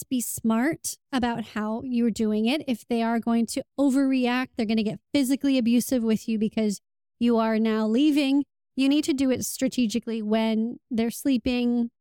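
A woman's voice: a little high, warm tone, clean tone, no room sound, studio quality. A woman giving earnest relationship advice in a casual monologue, acting out quoted lines as she goes.

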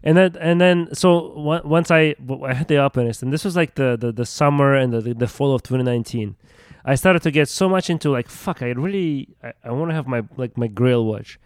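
A man's voice: mid-range voice, brisk, few pauses, clean tone, dry recording, clean studio sound. A man co-hosting a podcast in casual chat, rambling through his story with restarts and casual swearing. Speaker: podcast co-host.

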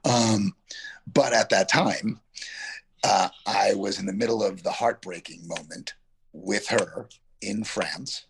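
Middle-aged male actor from Yonkers, gravelly and husky, rambling and reflective interview guest. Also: fairly low pitch, takes it slowly, fairly bright tone. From Yonkers, New York. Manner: rambling, reflective, heavy on fillers. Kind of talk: casual interview storytelling.

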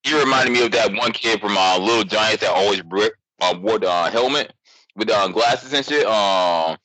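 A man's voice: lowish voice, moderate pace, sharp tone, dry recording, low-quality recording. A man hosting a casual gaming chat, speaking in a laid-back, blunt, profane way. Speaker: podcast host.

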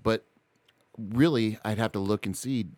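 A middle-aged man co-hosting a podcast in casual chat, rambling and animated, full of restarts and asides. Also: fairly low pitch, a little slow, dry recording. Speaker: podcast co-host.

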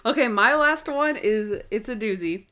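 A woman talking casually about a TV episode with a friend. She is animated, laughs often and slips into quoted lines. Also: on the high side, normal speed. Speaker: podcast co-host. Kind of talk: casual chat reviewing a TV episode.

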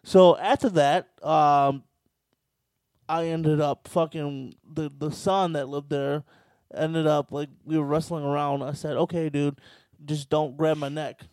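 Profane, animated storytelling man. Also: fairly high pitch, unhurried, clean tone, no room sound. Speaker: podcast co-host telling a story. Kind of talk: casual storytelling chat.

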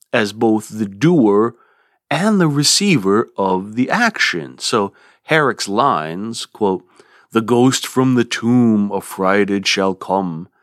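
A man hosting a literature podcast, explaining a poem in an expressive, lively way with playful asides. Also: mid-range voice, no room sound, clean studio sound. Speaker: podcast host. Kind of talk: literature lecture.

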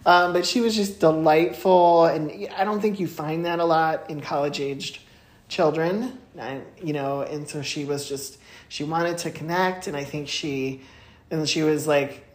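A woman's voice: low voice, fairly even intonation, a little slow. A woman co-hosting a podcast, chatting casually and telling a story with lots of fillers. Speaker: podcast co-host. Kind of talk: casual chat. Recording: roomy echo.

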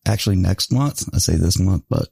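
A man's voice: sits low, animated, brisk, vocal fry, darkish tone, breathy edge, dry recording, studio quality. A man hosting a podcast in loose, profane casual chat, laughing often between his words. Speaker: podcast host.

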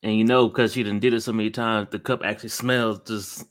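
A man's voice: fairly low pitch, little pitch movement, a little fast, slight background noise. A man co-hosting a casual podcast chat, chiming in with short reactions and jokes. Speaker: podcast co-host.

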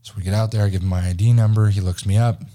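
Animated, profane storytelling man, low warm voice. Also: racing. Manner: animated, profane, acts out quoted dialogue. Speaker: podcast host. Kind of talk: casual storytelling chat.

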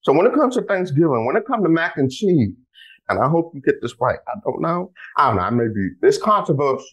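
Bubbly, animated young man host. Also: on the high side, fast talker, low-quality recording. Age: 20s. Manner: bubbly, animated, lots of exclamations. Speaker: podcast host. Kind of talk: excited casual podcast chat.

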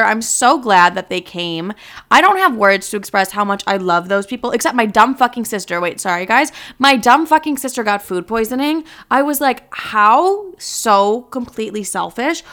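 Woman, twenties, podcast host, casual profane chat, bright tone. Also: mid-range voice. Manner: chatty, profane, joking. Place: her home.

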